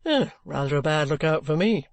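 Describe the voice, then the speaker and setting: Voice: medium pitch, lively intonation, brisk, no room sound, pitched below the performer's own voice, natural voice. A reader voicing a bluff former soldier who is under arrest and speaks plainly, politely and stubbornly. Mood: firm.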